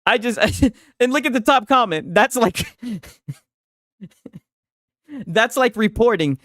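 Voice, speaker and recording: A man's voice: very high voice, expressive, slow pace, long pauses, fairly bright tone, no echo, clean studio sound. A man hosting a casual gaming livestream, reading chat aloud, talking loose and profane with frequent laughs and restarts.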